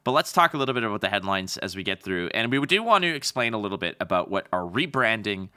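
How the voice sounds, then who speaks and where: A man's voice: fairly low pitch, very animated, fast, sharp tone, smooth. A young adult man from Canada co-hosting a podcast, bantering and joking in casual chat. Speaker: podcast co-host.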